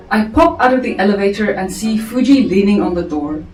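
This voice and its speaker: A woman reading her own story draft aloud to a family member, chatty and quick to laugh. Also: medium pitch. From South Africa. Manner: lively, laughing, chatty asides. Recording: echoey room, far from mic, faint music.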